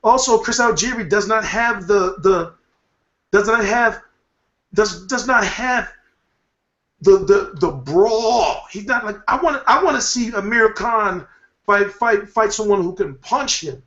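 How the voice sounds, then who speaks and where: High-voiced man ranting about boxing. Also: unhurried. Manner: rambling, profane, animated rant. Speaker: boxing show host. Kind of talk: casual boxing commentary. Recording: echoey room, dull lo-fi sound.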